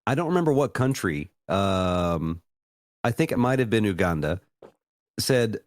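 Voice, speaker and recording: An American man in his thirties, casually chatting on a podcast, swearing freely and mocking himself as he rambles. His pitch rises and falls a great deal as he talks, and his voice comes across dry and close, with no room sound. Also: sing-song, moderate pace, no echo. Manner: profane, self-deprecating, rambling. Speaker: podcast co-host.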